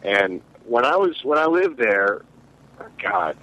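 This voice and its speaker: A man from Ohio recalling a story as a radio show co-host in casual chat, halting and rambling with many restarts. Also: medium pitch, sing-song, sharp tone, a little hiss or hum, rough recording. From Ohio, USA.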